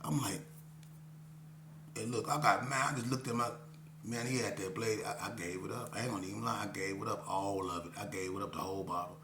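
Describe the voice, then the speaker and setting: A man's voice: fairly low pitch, fairly quick. A man telling a personal story in a casual, slangy way, often saying "you know what I'm saying". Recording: roomy echo, faint hum.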